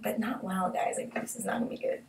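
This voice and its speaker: A woman's voice: quick pace, crowd noise. A woman from England with an English accent, a guest chatting casually, giggly and self-deprecating, full of fillers. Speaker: guest, aspiring actor. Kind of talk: casual chat. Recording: echoey room from a distance with faint noise.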